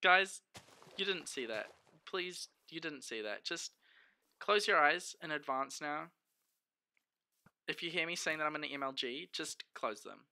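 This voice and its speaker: A young man streaming a game, chatting casually and swearing freely. He talks to his viewers and to himself, with sudden excited outbursts. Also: a little high, measured pace, gravelly, pauses often. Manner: talks to the chat and himself as he plays. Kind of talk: casual gameplay commentary.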